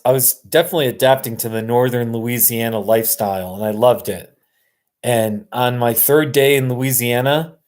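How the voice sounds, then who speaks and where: Slow, rambling man chatting with viewers. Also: mid-range voice. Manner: rambling, answers viewers' comments. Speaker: livestream host. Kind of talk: casual livestream chat.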